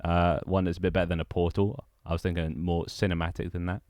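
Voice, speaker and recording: Deep-voiced guy streaming. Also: flat delivery, fast talker, darkish tone, dry recording, clean studio sound. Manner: rambling, repeats phrases, greets chat. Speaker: streamer and game developer. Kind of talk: casual livestream chat.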